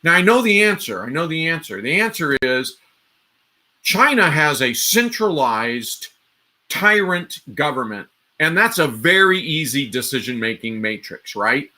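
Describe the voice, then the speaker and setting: A man's voice: fairly high pitch, big pitch swings, unhurried, pushed and bright. A man hosting a live stream, giving casual political commentary in a rambling way, with frequent restarts and asides to his viewers. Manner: rambling, restarts often, talks straight to viewers.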